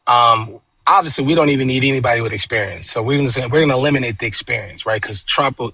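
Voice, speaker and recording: A man's voice: mid-range voice, quick pace, bright, forceful tone, husky, no room sound, highs cut off. A man talking politics in an emphatic, profane way, stumbling over restarts before landing his point. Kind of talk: casual political chat.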